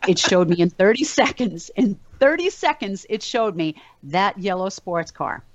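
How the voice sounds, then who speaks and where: A woman's voice: mid-range voice, moderate pace, no echo. Woman motivational speaker chatting to a group, lots of ums, dull lo-fi dry recording. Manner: animated storytelling with fillers. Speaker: motivational speaker and meetup organizer. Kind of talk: casual talk to a group.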